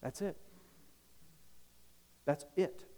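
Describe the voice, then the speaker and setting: Emphatic male preacher in a reverberant hall. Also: extremely slow. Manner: emphatic, dynamic swings from loud to hushed. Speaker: pastor. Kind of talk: sermon.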